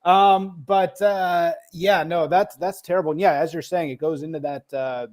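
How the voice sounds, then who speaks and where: A man's voice: a little high, fairly even intonation, normal speed, darkish tone. A man hosting a podcast interview, reacting in short bursts and asking questions. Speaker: podcast host.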